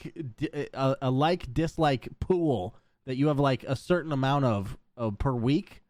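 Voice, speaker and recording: A man's voice: medium pitch, unhurried, darkish tone, no room sound. A man hosting a podcast in casual chat, joking sarcastically and swearing freely. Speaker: podcast host.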